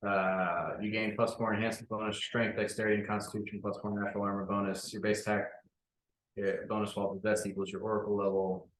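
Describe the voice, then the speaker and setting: A man's voice: lowish voice, little pitch movement, quick pace, roomy sound, a little hiss or hum, low-quality recording. A man running a tabletop game as game master, reading out rules with frequent fillers. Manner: explains rules at length with fillers.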